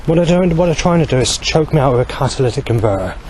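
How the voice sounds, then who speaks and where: A man's voice: mid-range voice, lively intonation, fast. Agitated man in his forties rambling outdoors. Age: 40s. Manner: agitated, aggrieved, repeats and restarts himself. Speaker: vlogger. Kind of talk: rambling outdoor monologue to camera. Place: outdoors by a road under a bridge. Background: passing traffic.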